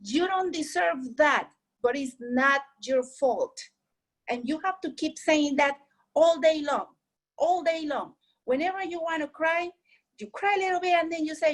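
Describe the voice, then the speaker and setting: Her voice sits high and she talks a little slowly, sharing casual but heartfelt, earnest advice and repeating points to encourage the listener. Spanish is her first language, and the audio is poor.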